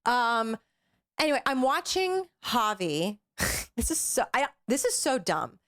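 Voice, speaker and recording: Animated young woman telling a story. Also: on the high side, measured pace. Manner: animated, acts out quoted voices, filler-heavy. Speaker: podcast co-host. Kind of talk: casual storytelling.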